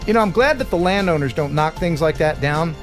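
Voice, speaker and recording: A man's voice: fairly high pitch, expressive. Upbeat male host, loose live-stream banter over light background music. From United States. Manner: upbeat, chatty, quick to laugh. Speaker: host of a live drone show. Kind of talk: casual live-stream chat.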